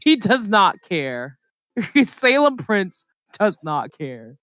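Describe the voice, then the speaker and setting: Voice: medium pitch, big pitch swings, takes it slowly, a bit bright, no echo. A podcast co-host chatting casually, rambling through stories with lots of fillers. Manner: rambling, filler-heavy storytelling. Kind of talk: casual chat.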